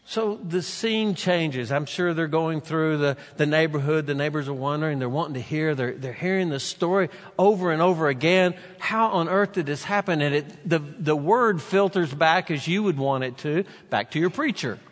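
A man preaching a sermon, retelling a scripture story with animated voices for the characters. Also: on the high side, moderate pace, few pauses. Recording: long reverb of a large hall.

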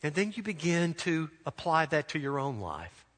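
A pastor delivers an earnest sermon in a bright, forceful voice that sits a little high. He slows down to drive a point home. A long reverb trails his words around a church sanctuary. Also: sing-song. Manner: earnest preaching, slows for emphasis.

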